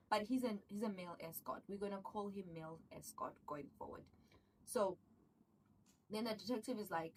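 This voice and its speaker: Woman excitedly retelling a drama plot, bit far from the mic, faint background hum. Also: medium pitch, moderate pace. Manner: animated, excitable storytelling, acts out characters' lines. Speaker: show recapper. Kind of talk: casual recap of a drama series.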